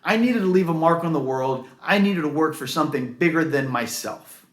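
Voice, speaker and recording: A man's voice: on the high side, animated, moderate pace, roomy sound. A man telling his own career story in an earnest, heartfelt way, with many fillers. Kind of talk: personal story to camera.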